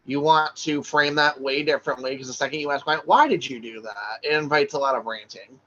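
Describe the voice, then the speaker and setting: A man's voice: a little high, fairly even intonation, fast talker, bright, forceful tone, lo-fi sound. A man teaching a recorded online class for social work exam prep, talking casually with lots of "right?" and "like".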